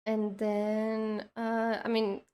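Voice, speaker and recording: A woman's voice: medium pitch, completely flat delivery, drawn-out words, darkish tone, smooth. A woman telling a long story in casual chat, rambling with lots of "like" and restarts. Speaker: streamer.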